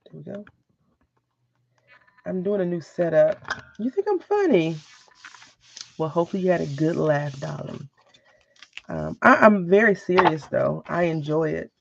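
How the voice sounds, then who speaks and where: A woman's voice: low-pitched, moderate pace, vocal fry, pauses often, lo-fi sound, a little hiss or hum. A woman hosting a casual crafting video, chatting with viewers in a rambling way and mimicking others. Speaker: crafting channel host. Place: home craft room.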